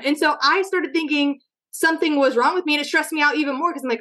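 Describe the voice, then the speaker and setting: A woman's voice: high voice, fast, a bit bright. A woman hosting a podcast interview, chatting casually and reacting with gushing enthusiasm. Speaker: podcast host.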